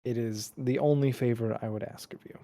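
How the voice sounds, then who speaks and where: A man's voice: medium pitch, fairly even intonation, fairly quick, warm tone, no room sound, natural voice. A man voicing a weary female spirit bound in a gun, speaking in a solemn, resigned way during a tabletop game. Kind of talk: tabletop game role-play.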